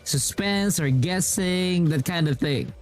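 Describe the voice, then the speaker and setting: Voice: mid-range voice, lively intonation, takes it slowly, soft background music. A game streamer chatting casually while playing, rambling and acting out what other people say. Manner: rambling, acts out quoted speech. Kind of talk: casual chat while gaming.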